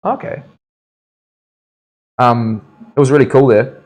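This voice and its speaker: A man's voice: mid-range voice, fairly even intonation, slow pace, a little mellow. A man with a New Zealand accent, a tattoo artist chatting casually and bantering with laughter in his studio. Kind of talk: casual chat while tattooing.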